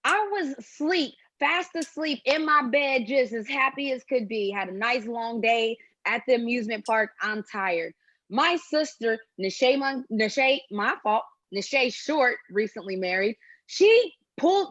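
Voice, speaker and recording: A woman hosting a casual podcast, telling a family story in an animated way and acting out what people said. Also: on the high side, moderate pace, no echo, dull audio. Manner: animated storytelling, acts out quotes. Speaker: podcast host. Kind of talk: casual chat.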